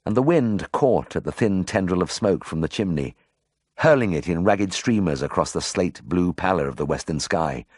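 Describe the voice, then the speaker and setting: A deep-voiced man reads a memoir audiobook, telling it expressively with a lively, varied pitch. The recording is close and completely dry. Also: dry recording. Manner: expressive first-person storytelling. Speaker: audiobook narrator. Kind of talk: audiobook narration.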